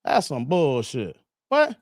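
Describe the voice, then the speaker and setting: A man's voice: huge pitch swings, slow pace, no echo, studio quality. Blunt, profane man ranting to a live chat. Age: 30s. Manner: blunt, profane, emphatic, repeats himself; swings between loud high bursts and low mutters. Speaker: live stream host.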